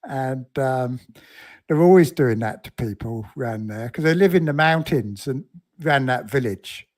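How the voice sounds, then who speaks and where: A man co-hosting a casual podcast, telling stories with deadpan jokes. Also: medium pitch, unhurried. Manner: storytelling, joking, deadpan. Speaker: podcast co-host.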